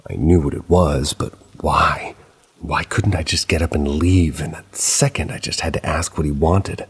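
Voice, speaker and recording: A man calmly narrating a true paranormal story in a steady storytelling manner. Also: rumbling low, moderate pace, slightly rough. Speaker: narrator of submitted paranormal stories.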